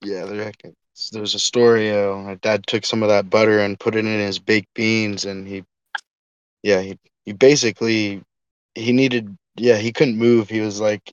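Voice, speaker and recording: A man chatting casually in a laid-back way, chuckling and using drawn-out fillers. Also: lowish voice, little pitch movement, smooth, no room sound. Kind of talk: casual chat. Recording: dull, dry lo-fi mic.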